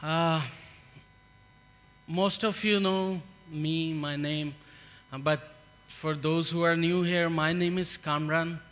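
A refugee with a Pakistani accent gives a halting, earnest church testimony, unhurried and full of pauses and fillers. His voice is high and bright with fairly even intonation. A long hall reverb carries over a low mains hum.

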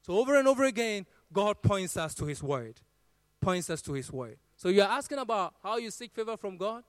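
Delivering a sermon at a brisk clip, a man with a high voice recites scripture in a rising, half-chanted rhythm and sounds very animated. There's no room echo; the audio is close and dry.

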